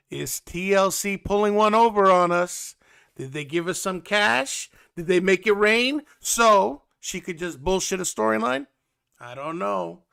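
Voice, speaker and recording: Gravelly, bright-voiced man recapping gossip. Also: sits high, measured pace. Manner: animated, sarcastic, gossipy. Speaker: host. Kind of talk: casual reality-TV recap.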